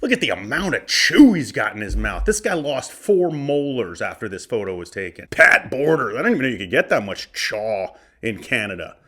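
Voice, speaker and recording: A man in his forties from Arizona hosts a casual comedy podcast. He opens a box of cards and riffs on each one, swearing freely and cracking jokes. His pitch sits in the middle but swings widely up and down as he talks. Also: sing-song, normal speed, hardly any pauses, fairly bright tone. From Arizona, USA. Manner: profane, joking, riffing. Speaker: podcast host. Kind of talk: casual comedic card-opening commentary.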